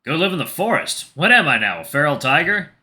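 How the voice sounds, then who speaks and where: A man's voice: medium pitch, big pitch swings, fairly quick, pushed and bright. A man voicing an easygoing, wry adult male tiger who teases as he drinks, in a story game. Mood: teasing. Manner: teasing, laid-back drinking talk.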